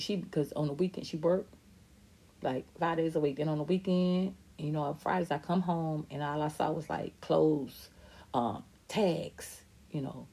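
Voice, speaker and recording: A woman's voice: low voice, dark tone, husky. A middle-aged woman hosting a podcast, talking candidly and emphatically about her life and answering viewer comments, sometimes mimicking other people's voices. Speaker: podcast host. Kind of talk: personal talk reading viewer comments.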